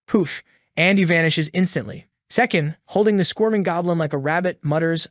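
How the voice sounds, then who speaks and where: A man's voice: fairly high pitch, a little fast, no room sound, studio quality. A man narrating a story recap in a casual, slangy storytelling manner.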